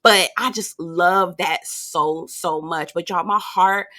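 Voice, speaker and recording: A woman reviewing a reality show in a casual, animated, gossipy way, talking straight to her viewers. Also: slow pace. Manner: animated and gossipy, acting out quoted people in a high voice.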